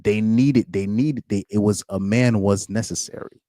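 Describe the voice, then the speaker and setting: Male channel host, low mellow voice, opinionated live commentary, keeps repeating his points, dry close sound. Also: steady tone, moderate pace, no echo. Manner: opinionated, repeats phrases for emphasis. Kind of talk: casual live reaction commentary.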